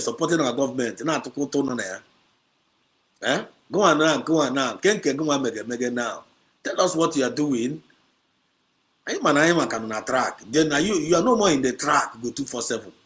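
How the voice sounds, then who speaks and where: A man's voice: mid-range voice, fairly bright tone. Combative Nigerian man hosting a livestream. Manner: combative, repetitive, mixes Igbo and Pidgin. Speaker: livestream host. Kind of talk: heated livestream commentary. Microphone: streaming setup.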